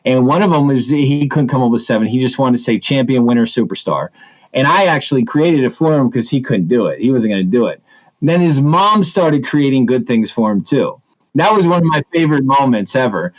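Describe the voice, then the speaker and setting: A man, an assistant principal, telling stories in a casual interview, animated and full of restarts. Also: mid-range voice, fairly quick, muffled recording. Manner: animated storyteller with many restarts.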